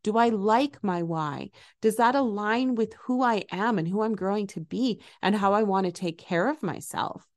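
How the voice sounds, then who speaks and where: Gentle, encouraging woman podcast host. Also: medium pitch. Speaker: podcast host and eating coach. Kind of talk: casual solo podcast talk.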